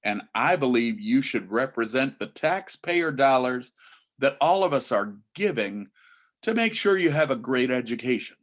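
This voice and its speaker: A middle-aged man who works in college admissions talks students through interview advice. He leans hard on key words and stretches them out for emphasis, and he sometimes mimics a bored or gushing teenager to make a point. His voice sits at an ordinary middle pitch. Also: lively intonation, normal speed, a bit bright. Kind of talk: instructional talk to students.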